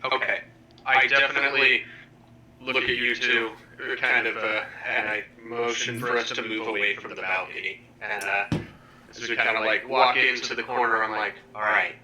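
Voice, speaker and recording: Guy with a really bright sharp voice, ums a lot, playing a paladin. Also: medium pitch, steady tone, slight background noise, rough recording. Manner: halting, many fillers, describing actions. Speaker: player. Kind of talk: casual tabletop role-play.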